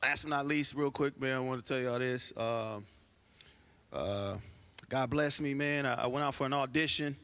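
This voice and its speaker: A man's voice: medium pitch, moderate pace. A man doing a stand-up comedy set at a church comedy night, telling stories and acting out the people in them. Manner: animated storytelling, acts out quoted people.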